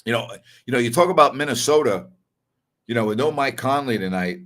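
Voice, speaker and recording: An expressive, fairly quick man with a mid-range, slightly bright voice hosts a sports talk show. Casual and conversational, with fillers and self-corrections, he gives blunt, opinionated takes, repeats points for emphasis, and takes back harsh things he's said.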